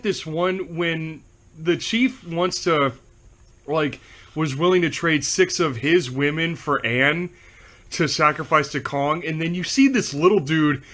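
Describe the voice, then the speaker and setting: A man's voice: fairly high pitch, fairly bright tone. A young man co-hosting a casual movie review chat, telling stories and often breaking into laughter.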